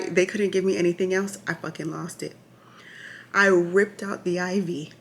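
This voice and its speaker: A woman vlogger telling the story of her labor in a chatty, animated way, full of asides and restarts, sometimes checking her notes. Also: medium pitch. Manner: reads from notes at times. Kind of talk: casual storytelling to camera.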